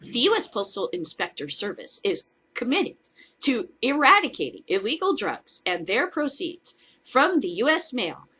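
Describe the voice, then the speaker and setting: A woman's voice: a little high, wildly swooping pitch, normal speed, pushed and bright, husky. A woman hosting a casual news commentary show, reading out stories and mocking them with sarcastic, swearing asides. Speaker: host of a cannabis news show.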